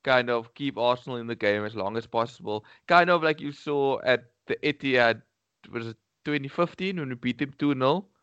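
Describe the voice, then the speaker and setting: A man's voice: medium pitch, moderate pace, a bit bright, clean tone, no room sound, dull audio. A man co-hosting a casual football podcast, thinking aloud with frequent hesitations and restarts. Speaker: podcast co-host.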